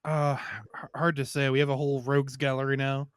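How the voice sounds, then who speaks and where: A man's voice: mid-range voice, level tone, fairly quick, smooth, no room sound, clean studio sound. A man co-hosting a podcast, telling a crude story in rambling casual chat. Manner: rambling storyteller, loud shouted impressions. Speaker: podcast co-host.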